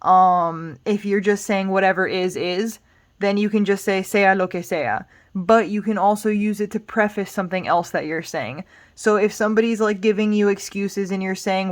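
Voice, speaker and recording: A woman teaching Spanish grammar in a relaxed, explanatory way, patient and reassuring, thinking aloud with small fillers. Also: mid-range voice, normal speed. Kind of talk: casual explanatory lesson.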